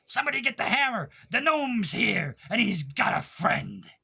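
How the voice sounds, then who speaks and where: A man's voice: fairly high pitch, expressive, normal speed, creaky, slightly rough, heavily acted. A man voicing a manic little male gnome addled by mushrooms, who shrieks and repeats himself in a tabletop game. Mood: screaming.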